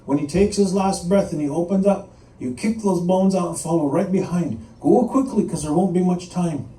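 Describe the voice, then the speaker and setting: A man's voice: high-pitched, moderate pace, mellow, natural voice. A man voicing a bold, tricky male coyote who bosses the other animals around. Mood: bossy. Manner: bossy and cocky. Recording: echoey room, mic at a distance.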